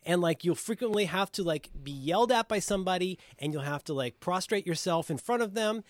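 A man's voice: high voice, lively intonation, fairly quick, no echo, clean studio sound. A man co-hosting a comedy podcast, rambling through jokes in casual banter. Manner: joking, rambling storytelling. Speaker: podcast co-host.

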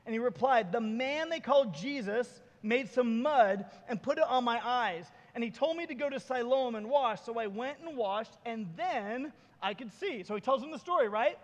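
A man with a very high voice preaches in a church, telling stories animatedly and slipping into the voices of the people in them. His words ring out with the long reverb of a large hall. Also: moderate pace, hardly any pauses. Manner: animated storytelling, acting out voices. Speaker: pastor. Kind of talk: sermon. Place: church sanctuary.

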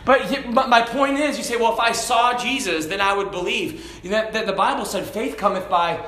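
A man preaching a sermon, moving between shouted passages and quiet, conversational asides. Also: sits high, a little fast, roomy sound. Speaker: pastor.

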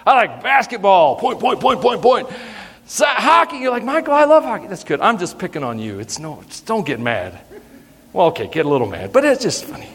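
A male pastor preaching a sermon in an animated, humorous way, teasing his congregation. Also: high-pitched, moderate pace. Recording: long hall reverb.

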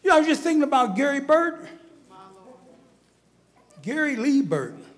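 A man preaching a fiery sermon, moving from quiet asides to shouted preaching. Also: very high voice, very animated, moderate pace.

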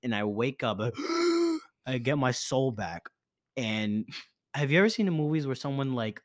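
A young man hosting a podcast, telling a party story in a casual, animated way, with lots of filler words and some swearing. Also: medium pitch, moderate pace. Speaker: podcast host. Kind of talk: casual chat.

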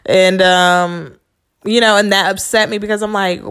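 A woman's voice: medium pitch, fairly even intonation, moderate pace, a bit bright, clean tone. A woman hosting a podcast, telling a personal story in a candid, emphatic and profane casual monologue. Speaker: podcast host.

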